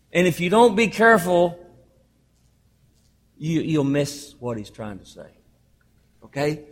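A man preaching from the pulpit in a high voice that rises and falls widely. He stresses key words loudly, then drops to a hush and draws the phrase out. His delivery is emphatic and animated throughout the sermon. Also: in a large hall. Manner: emphatic preaching, calls the congregation "beloved"; swings between loud emphasis and hushed, drawn-out phrases. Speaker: pastor.

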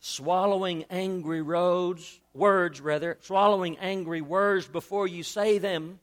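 A male pastor with a drawl preaches with lively energy, repeating phrases and swinging from hushed asides to loud emphasis. His voice sits high for a man. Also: slow pace. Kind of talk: sermon.

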